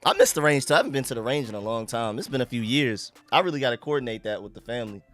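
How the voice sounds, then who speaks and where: A young man from the United States hosting a live stream, chatting casually and shouting out viewers and donations. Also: mid-range voice, big pitch swings, racing, faint music behind. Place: home room.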